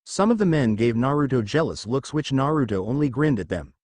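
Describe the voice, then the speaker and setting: A man reading a fan fiction story aloud with an animated, lively storytelling delivery. His voice is mid-pitched and the recording is close and dry, with no room sound. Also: brisk, hardly any pauses, dry recording. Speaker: narrator.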